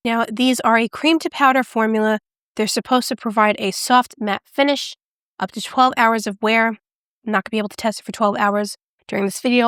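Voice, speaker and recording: A woman's voice: a little high, no echo. Bubbly woman reviewing makeup, dry sound. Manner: bubbly, gushing, excitable; drops to a whisper when excited. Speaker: beauty vlogger. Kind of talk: casual product review and demo.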